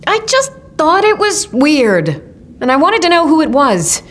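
A woman's voice: on the low side, expressive, normal speed. A woman voicing a stubborn, sarcastic young woman in an audiobook. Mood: wry. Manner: wry, sarcastic.

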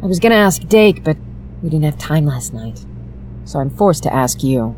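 Lowish female voice, lively pitch, dry and sarcastic, a woman playing a necromancer in an audio drama. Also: moderate pace, a little hiss or hum. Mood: wry. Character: wry woman necromancer and bounty hunter.

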